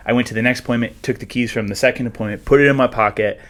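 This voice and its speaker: A young adult man, a real estate agent, telling stories about his work in a relaxed, self-deprecating way. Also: medium pitch, very fast. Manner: self-deprecating, laid-back storyteller. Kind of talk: casual interview chat.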